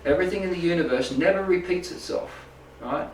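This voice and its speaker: Aussie guy rambling to a group, slightly high voice, echoey room with the mic set back. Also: a little fast, distant mic, slight background noise. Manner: rambling, checks in with "right?" and "make sense?". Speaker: spiritual healing teacher. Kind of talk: informal talk to a small group. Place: indoor room with a live audience.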